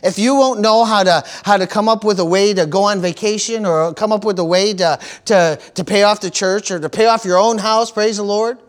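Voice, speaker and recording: A man's voice: sits high, a little fast, few pauses. A man preaching a sermon as pastor, calling out for amens and repeating key phrases for emphasis.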